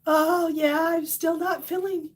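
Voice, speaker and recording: A woman hosting a casual morning live stream, hoarse and losing her voice from a cold, chatting and laughing at how she sounds while greeting viewers by name. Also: very high voice, fairly even intonation, measured pace. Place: home on a windy ridge.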